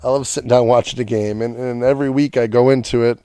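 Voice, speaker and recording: A man's voice: mid-range voice, steady tone, fast, warm tone, clear, resonant tone, no room sound. A man hosting a podcast, ranting in a casual, profane and sarcastic way about his football team. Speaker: podcast host. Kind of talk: casual sports rant.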